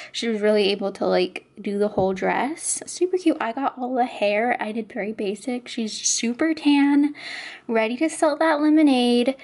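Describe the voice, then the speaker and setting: Gushing, slightly high-voiced woman. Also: a little mellow. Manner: gushing, enthusiastic, often drops to near-whispers. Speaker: coloring channel host. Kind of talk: casual show-and-tell narration.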